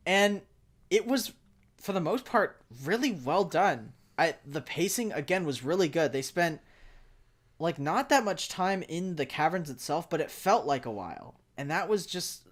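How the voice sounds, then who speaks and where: A young man co-hosting a casual fan discussion, talking in an excitable, rambling way full of fillers and sudden bursts of enthusiasm. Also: high voice, unhurried. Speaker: podcast co-host.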